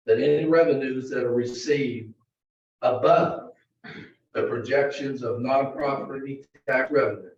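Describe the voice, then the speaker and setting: A man presenting a county budget to a board in a halting, filler-heavy way, recorded in a meeting room. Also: mid-range voice. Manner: halting, many fillers and restarts. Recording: distant, very echoey, dull meeting-room audio.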